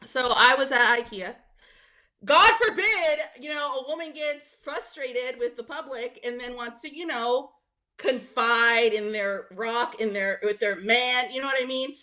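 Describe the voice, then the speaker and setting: A woman on a call-in roast show, telling exasperated stories in a lively, animated way. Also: on the high side, unhurried. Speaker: caller. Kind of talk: casual chat on a call-in roast.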